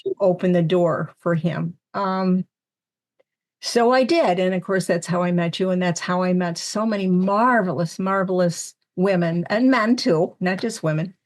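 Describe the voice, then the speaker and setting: A woman's voice: fairly low pitch, measured pace. An older woman, a spiritual medium, telling stories chattily in a casual interview, acting out what people said. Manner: chatty, animated storyteller who acts out quotes. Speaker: guest medium.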